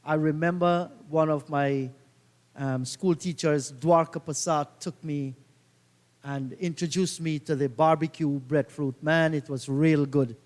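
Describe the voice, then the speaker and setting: A man's voice: on the high side, fairly even intonation, unhurried, darkish tone. Reminiscing male cricket commentator with reverb. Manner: leisurely, reminiscing anecdotes. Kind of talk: live cricket commentary with storytelling.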